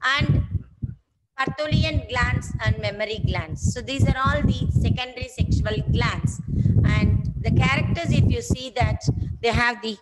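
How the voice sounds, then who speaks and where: High-pitched woman lecturer, patient and repetitive, noisy recording. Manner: slow, repeats and spells terms for students. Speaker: biology teacher. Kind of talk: online class lecture. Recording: loud background noise.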